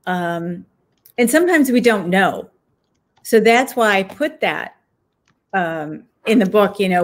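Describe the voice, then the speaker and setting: A woman author speaking as an interview guest at a mid pitch. She answers thoughtfully and often pauses with fillers as she works out her points. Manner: reflective, thinks aloud with many fillers.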